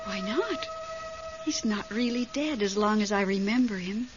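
An actress playing a fussy, jumpy widow in a radio drama, fluttery and exclamatory. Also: female voice, medium pitch, lively intonation, moderate pace, music in the background, lightly acted. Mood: anxious. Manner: fluttery, exclamatory, stammering when startled. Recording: dull lo-fi radio recording with faint hiss.

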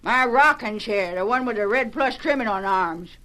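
An actress playing a bossy, sharp-tongued frontier housekeeper who scolds with colorful insults, in 1940s radio acting style. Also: female voice, on the high side, expressive, normal speed, background noise, natural voice. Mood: scolding.

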